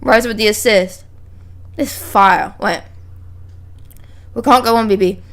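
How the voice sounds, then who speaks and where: A young woman streaming live, reading manga dialogue aloud and breaking off to react with excited exclamations and swearing. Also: mid-range voice, unhurried.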